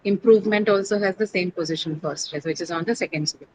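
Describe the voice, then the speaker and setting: A woman's voice: on the low side, fast talker, noisy background. A woman teaching an English class, explaining word stress step by step, spelling out letters and asking her students questions.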